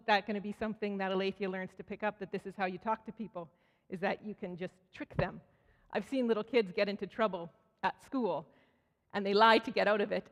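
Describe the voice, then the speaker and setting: A woman giving a conversational sermon at a church, telling stories and acting out quoted voices. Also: medium pitch. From Canada. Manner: storytelling, acts out quoted voices, frequent restarts. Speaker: speaker at church. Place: church sanctuary. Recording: church hall with long reverb.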